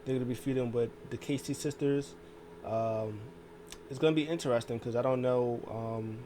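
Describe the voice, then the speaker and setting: A man's voice: medium pitch, mellow, slight background noise. A man casually recapping a wrestling show, rambling along with lots of fillers. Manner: rambling, full of fillers and restarts. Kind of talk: casual chat.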